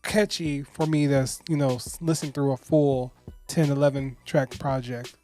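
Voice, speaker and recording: A man's voice: medium pitch, steady tone, moderate pace, dark tone, soft background music. A man co-hosting a podcast, giving a casual album review in a rambling way, full of "you know" and "um". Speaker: podcast co-host.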